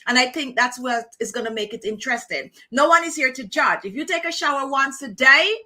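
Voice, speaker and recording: A woman's voice: high voice, lively intonation, a little fast, sharp tone. A woman hosting a casual chat show for her viewers, talking directly to them in a chatty way and often repeating herself. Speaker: beauty channel host.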